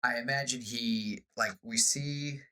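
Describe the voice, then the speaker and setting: Casually pitching a story idea, a man co-hosting a podcast gets animated and jumps into quick pirate-voice lines. The recording has a slightly off quality.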